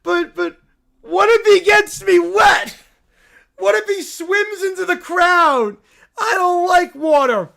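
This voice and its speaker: A man voicing a spoiled, self-centered little boy who whines and shouts in a panic. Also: very high-pitched, takes it slowly, creaky, voice pushed up, exaggerated voice. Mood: whining.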